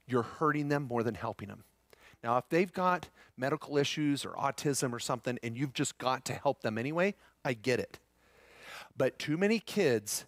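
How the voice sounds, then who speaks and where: A man's voice: medium pitch, fairly bright tone, dry recording. Upbeat middle-aged man at a seminar. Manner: upbeat, jokey, addresses audience as guys. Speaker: seminar speaker on tax strategy. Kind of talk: live seminar talk to a room.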